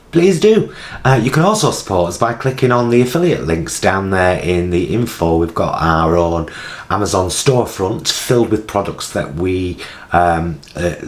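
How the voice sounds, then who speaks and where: A British man in his forties vlogging from his home kitchen, chatting casually to camera in a rambling, self-mocking way, recorded on his vlogging camera. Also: deep voice. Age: 40s.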